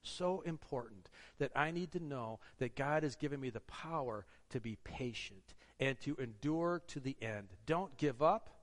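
A man's voice: medium pitch, animated, a little slow, hardly any pauses. A man preaching a sermon, earnest and exhorting, asking the congregation rhetorical questions. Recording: long hall reverb.

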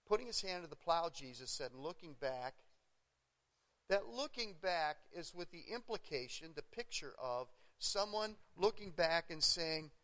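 A man's voice: on the high side, pushed and bright. A middle-aged man preaching a sermon as pastor, earnest and emphatic, repeating phrases for stress. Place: church sanctuary. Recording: long reverb of a church hall.

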